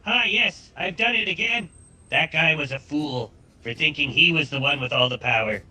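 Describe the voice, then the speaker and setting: A man's voice: a little high, moderate pace, sharp tone, low-quality recording. A synthetic male voice playing a cocky outlaw gunslinger in a Southern American accent, boastful and swaggering.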